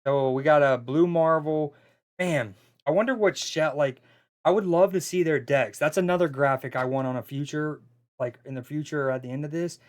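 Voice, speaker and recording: A man co-commentating a card game tournament on a live stream, chatty and loose, often excitable, with frequent fillers and restarts. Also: a little high, normal speed.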